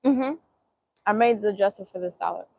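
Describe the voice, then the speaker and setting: A woman's voice: medium pitch, normal speed, vocal fry, mellow, no echo. Bronx woman hosting her cooking live stream, casual chatty talk, laughs a lot, mid voice, dry close sound. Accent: New York (Bronx). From the Bronx, New York. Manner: chatty, laughs easily, answers viewers' comments. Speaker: vegan cooking channel host. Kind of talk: casual live-stream chat while eating.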